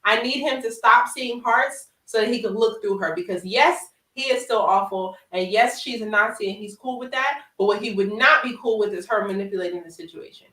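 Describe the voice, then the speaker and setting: Expressive woman, roomy and off-mic. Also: mid-range voice, fairly quick, few pauses, distant mic. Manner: expressive, emphatic reactions. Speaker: podcast co-host. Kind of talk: casual chat.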